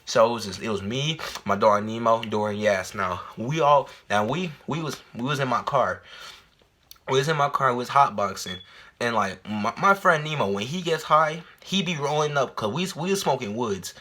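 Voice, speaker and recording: A young man tells a casual storytime in a bright, forceful voice. He rambles and repeats himself in heavy slang, and his voice shoots up high and loud whenever he acts out a panicked moment. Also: expressive, normal speed. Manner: jumps to loud high panic when acting out scenes. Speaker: vlogger.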